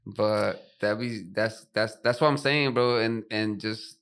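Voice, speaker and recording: A man with a lowish voice talks loosely on a podcast, full of slang and half-finished thoughts. He co-hosts in an easygoing casual chat. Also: unhurried, a bit bright, smooth. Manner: laid-back slangy talk, trailing off, laughing. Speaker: podcast co-host.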